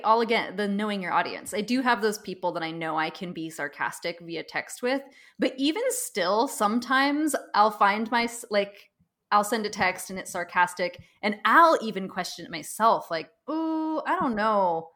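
A woman co-hosting a podcast in casual conversation, her voice sitting at an ordinary middle pitch. She lays out her points in an explanatory way and often checks in with her listener. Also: moderate pace, sharp tone. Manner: explanatory, ends points with "right?". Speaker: podcast co-host. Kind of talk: casual chat.

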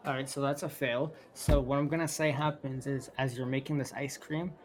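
A man's voice: medium pitch, flat delivery, brisk, slight background noise. Man, tabletop game master, casual rambling narration. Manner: rambling, with filler words and restarts.

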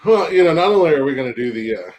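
A man's voice: fairly high pitch, very animated, rapid-fire, darkish tone. A man co-hosting a podcast, chatting loosely, laughing often and restarting his sentences. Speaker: podcast co-host. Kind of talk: casual chat.

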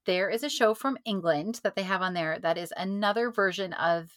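Lively woman podcast co-host. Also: mid-range voice, moderate pace, dry recording. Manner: lively, animated storyteller. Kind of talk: casual chat.

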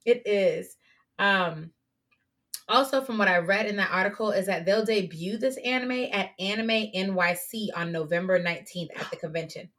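A woman's voice: medium pitch, moderate pace, fairly bright tone. A woman co-hosting a podcast, chatting casually and playfully about anime, laughing often. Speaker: podcast co-host.

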